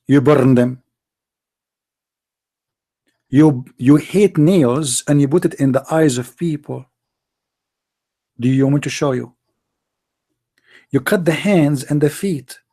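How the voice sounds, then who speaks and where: A man with a fairly high, mellow voice hosts a live call-in debate online. His English is non-native and his delivery is heated, built on pressing rhetorical questions. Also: slow pace, pauses often. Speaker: host of a call-in debate show.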